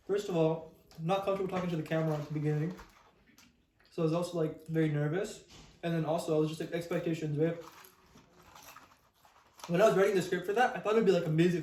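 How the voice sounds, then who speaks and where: A young adult man co-hosts a podcast, chatting casually in a quick, rambling way with lots of fillers. His voice is fairly high, steady, and a little mellow. The room is echoey, with a slight hiss or hum.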